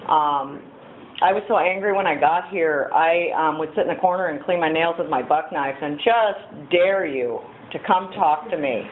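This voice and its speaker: A woman's voice: deep voice, moderate pace. Candid woman telling her recovery story. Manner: candid, storytelling, acts out quoted voices. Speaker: AA speaker sharing her story. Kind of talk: recovery meeting talk. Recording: tinny phone-like audio with faint hiss.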